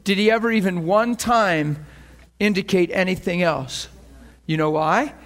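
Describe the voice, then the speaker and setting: A man preaching a sermon, animated and emotional, acting out scripture scenes and breaking into laughter. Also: sits high, unhurried.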